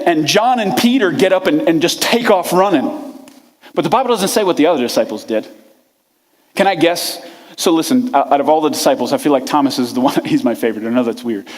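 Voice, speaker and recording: Animated man preaching in a big hall. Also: high-pitched. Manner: animated, conversational storytelling. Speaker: pastor. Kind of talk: sermon. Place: church sanctuary.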